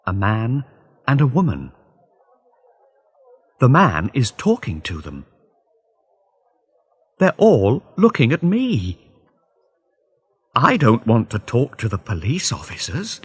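A male reader narrates a graded story at a very slow, deliberate pace. His voice is fairly low and slightly husky, with a widely rising and falling tone. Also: fairly bright tone. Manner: deliberate, clearly spaced phrasing.

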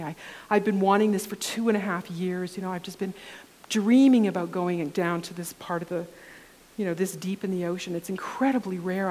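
Animated woman telling a story in a hall. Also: fairly low pitch. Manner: animated storyteller, acts out quoted dialogue. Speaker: keynote speaker; journalist. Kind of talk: storytelling keynote talk. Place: conference hall. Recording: long hall reverb.

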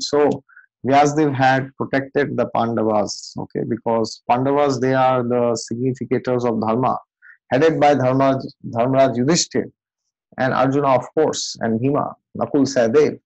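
A man's voice: medium pitch, fairly even intonation, moderate pace, creaky, a little mellow, no echo. A man, a spiritual teacher, retelling scripture as a story in a conversational way, often checking in with "okay?", on a dull lo-fi recording. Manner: conversational, many fillers and "okay?" tags.

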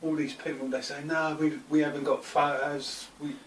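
A man interviewing a veteran, chatting in a lively, animated way. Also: fairly high pitch, moderate pace, slight background noise. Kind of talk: casual chat. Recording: distant, echoey room mic.

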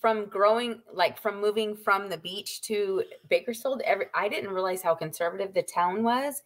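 A woman co-host on a casual podcast, telling stories at an even mid pitch. She delivers her jokes flatly, in the middle of an easygoing chat. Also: moderate pace.

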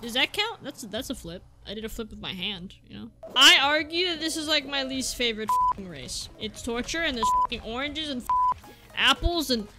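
A tipsy young woman comments on her racing game with a high, very animated voice that leaps all over the place. She drawls slowly, laughs, shouts and makes silly sound effects. Loud game music plays behind her. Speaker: gaming streamer. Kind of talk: drunk livestream commentary.

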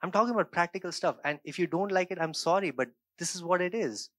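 A man's voice: high voice, fast, fairly bright tone, no echo, clean studio sound. A male pastor from India preaching a sermon in an emphatic, building manner. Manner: emphatic, preaching with rising intensity.

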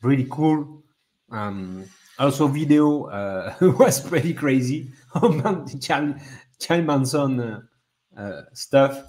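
A man's voice: medium pitch, animated, slow pace, darkish tone. A young man who is not a native English speaker hosting a casual livestream, hyping people up and repeating himself with lots of fillers. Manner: hyped, repetitive, lots of fillers. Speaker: livestream host.

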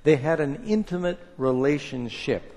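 A man preaching a sermon and reading scripture aloud, with an emphatic delivery that swings between hushed and loud. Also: on the high side, lively intonation, normal speed. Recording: long reverb of a large hall.

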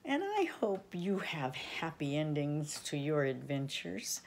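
An older woman reads a children's picture book aloud with gentle affection. Her voice is low and she reads unhurriedly. She sounds like a grandmother talking to small listeners. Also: takes it slowly, gravelly. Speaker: storyteller for children. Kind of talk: reading a children's storybook aloud.

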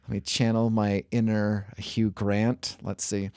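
A man's voice: fairly low pitch, flat delivery, slow pace, few pauses, a little mellow, clear, resonant tone, no room sound, studio quality. A man hosting a podcast in a playful, chatty way, steering the discussion with frequent stumbling restarts. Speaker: podcast host.

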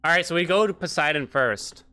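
A man's voice: a little high, expressive, a little fast, sharp tone, a little hiss or hum. A man streaming a game, chatting casually and reacting aloud as he plays. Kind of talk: casual gameplay commentary.

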